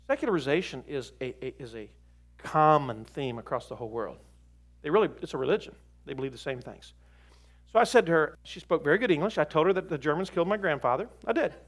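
A man's voice: a little high, animated, fast. Emphatic man preaching a sermon.

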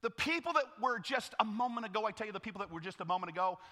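Animated man preaching a sermon. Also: high-pitched, rapid-fire. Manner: dramatic storytelling with call-and-response. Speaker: pastor. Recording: echoey hall.

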